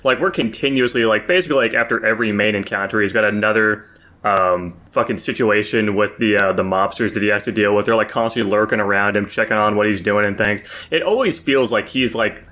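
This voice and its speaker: A man's voice: lowish voice, brisk, bright, forceful tone. A man co-hosting a casual movie review podcast, rambling with lots of filler words and swearing. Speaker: podcast co-host.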